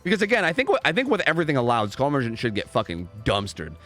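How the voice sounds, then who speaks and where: A man's voice: mid-range voice, wildly swooping pitch, fast talker, a bit bright, soft background music. A young man casually commentating a game live on stream, rambling, repeating himself and swearing freely.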